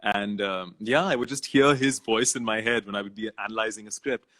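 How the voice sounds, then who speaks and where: A man's voice: lowish voice, fairly quick. A man in his thirties, a voice-over artist, talking casually and reflectively in an interview, laughing easily. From India. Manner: relaxed, reflective, laughs easily, says "man" and "you know".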